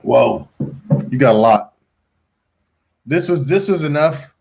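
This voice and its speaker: A man's voice: a little high, lively intonation, slow pace, a little mellow. Joking middle-aged man, lo-fi audio. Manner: joking, talks to himself while working. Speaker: pool designer hosting a live design call. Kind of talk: casual chat while designing on a computer. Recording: dull lo-fi stream audio.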